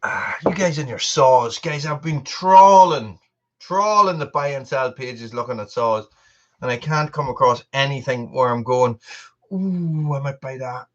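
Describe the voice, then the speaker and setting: A man's voice: medium pitch, measured pace. Rambling man on a lo-fi live stream. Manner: rambling, many restarts, talks to his dog. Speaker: livestream host. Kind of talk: casual live chat with viewers.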